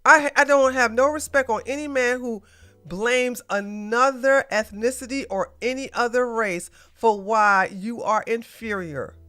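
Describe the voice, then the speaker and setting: A woman host rants bluntly through a casual political livestream, full of slang. Her voice sits a bit high, sharp and forceful, smooth and crisp. Faint music plays underneath. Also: unhurried. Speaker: podcast host.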